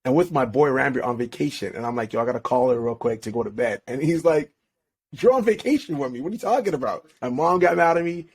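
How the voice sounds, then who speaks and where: A young relationship coach, guesting on a podcast, tells a personal story in casual, slangy talk, laughing often and restarting his sentences. His mid-range voice is husky, quick and lively in intonation.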